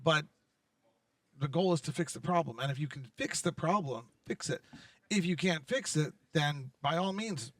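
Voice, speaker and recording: A man's voice: fairly high pitch, animated, normal speed, a bit bright, no echo, distant mic. A man hosting a casual conference interview, enthusiastic and full of restarts. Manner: enthusiastic, talks over guest, many restarts. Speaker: interview host. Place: conference venue.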